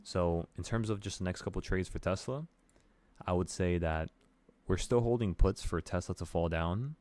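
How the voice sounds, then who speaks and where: Male trading streamer, deep voice, casual and offhand, swears. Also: normal speed, no echo. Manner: relaxed, swearing, talks to viewers with "bro". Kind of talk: casual chart walkthrough.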